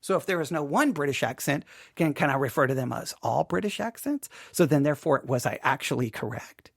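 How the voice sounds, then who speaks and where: A man's voice: on the high side, gravelly, no room sound, clean studio sound. An American man hosting a Bible podcast, talking casually in a rambling, self-deprecating way with many restarts. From United States. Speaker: podcast host.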